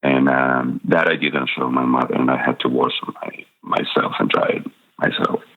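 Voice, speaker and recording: His voice rumbles low with fairly even intonation at a normal pace: a middle-aged man from Spain, Spanish-accented, telling candid personal stories as a guest. He fills them with hesitations and small laughs, and the sound quality is dull and lo-fi.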